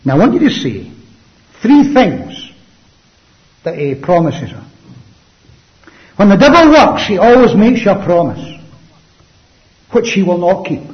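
A man preaching a sermon emphatically, with rhetorical questions and swings between loud and hushed delivery. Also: sits high. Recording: dull lo-fi sound.

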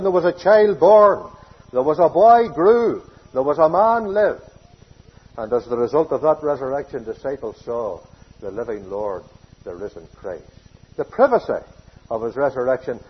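Male preacher, emphatic sermon, high lively pitch, lo-fi recording. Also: husky. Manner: emphatic preaching, swings between loud declarations and hushed phrases.

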